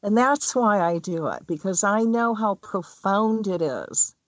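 Middle-aged woman, spiritual speaker, animated storyteller who laughs as she talks; mid pitch, dry, slightly dull recording. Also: a little slow, dry recording. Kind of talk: casual spiritual talk with personal stories.

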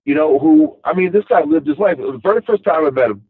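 A man's voice: on the high side, expressive, fairly quick, dry recording. A middle-aged man with a Long Island accent, talking casually in a loose, rambling way full of "you know"s. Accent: Long Island New York. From Long Island, New York. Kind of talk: casual monologue. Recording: tinny phone-like audio.

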